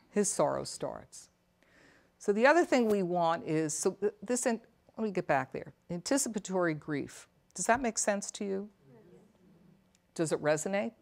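Low-voiced woman counseling caregivers. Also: creaky, darkish tone. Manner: earnest, reflective, asks the audience questions. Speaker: psychotherapist and elder care coach. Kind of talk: talk to a caregivers' support audience.

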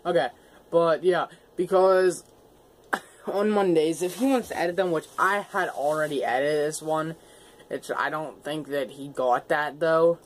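Outdoors with his phone in hand, a young man rambles through a casual vlog and laughs at himself. His voice sits a little high and moves at a measured pace, and the phone recording is noisy.

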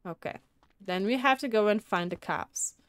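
A woman giving casual let's-play commentary, talking to herself excitably and throwing in mild mock swearing as she plays. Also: medium pitch, normal speed, no room sound. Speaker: gaming video creator.

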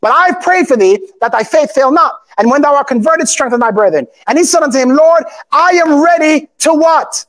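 A male pastor preaching a sermon, calling out to his congregation, breaking into shouts, and reading scripture aloud in old formal English. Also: very high voice, lively intonation, a little fast, few pauses. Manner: call-and-response preaching, often bursts into shouts.

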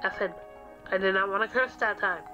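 Over music and a muffled recording, a young woman with a medium-pitched voice talks fairly quickly as she games. She's a gaming vlogger ranting through a casual story, swearing and acting out what people said.

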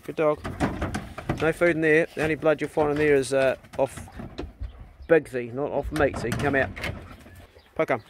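A middle-aged man with a New Zealand accent talking in a casual family vlog on his rural land, blunt and easygoing, calling loudly to his dogs. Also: a little high, steady tone, normal speed, pauses often, background noise. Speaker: vlogger. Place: outdoors on a rural property.

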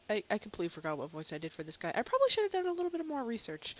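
A woman's voice: high-pitched, very animated, quick pace, few pauses. A young woman giving rambling, goofy commentary while playing a video game. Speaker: let's play gamer.

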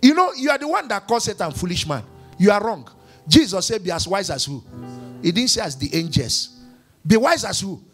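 A man preaches from the pulpit, pitched high for a man and full of emphatic repetition. His voice jumps widely up and down as he presses each point. Soft music plays faintly behind him. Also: sing-song, a little fast. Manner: emphatic, repetitive preaching with sudden swings in loudness. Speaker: pastor. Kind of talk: sermon.

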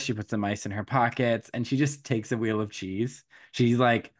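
A man co-hosting a casual podcast chat, recapping a plot in an animated way and laughing often. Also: mid-range voice, brisk, few pauses, dry recording, studio quality. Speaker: podcast co-host. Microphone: podcast microphone.

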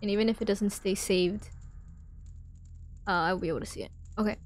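A woman playing a video game and commenting on it, speaking softly and half whispering in quiet parts. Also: medium pitch, steady tone, a little fast. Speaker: gamer.

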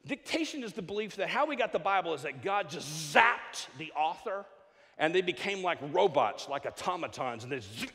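A middle-aged man preaching a sermon in a church, joking and stammering through quick restarts. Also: sits high. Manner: animated, jokey preaching with frequent stammered restarts. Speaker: pastor. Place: church sanctuary. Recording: long hall reverb.

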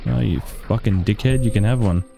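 A young man giving sweary, frantic let's-play commentary, yelping high when panicked. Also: moderate pace, creaky, mellow, faint music behind. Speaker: gaming YouTuber.

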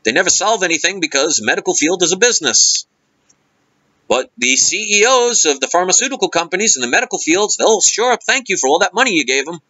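A man's voice: high voice, very animated, a little fast, sharp tone, lo-fi sound. A man vlogger giving an impassioned, sarcastic and preachy monologue rant.

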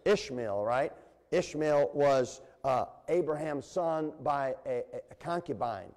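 A male pastor preaching with lively, animated delivery, asking the congregation questions and drawing them in. His voice sits a little high for a man. A long church reverb trails every phrase. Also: takes it slowly. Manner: animated preaching with call-and-response and playful voices. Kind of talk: sermon. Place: church sanctuary.

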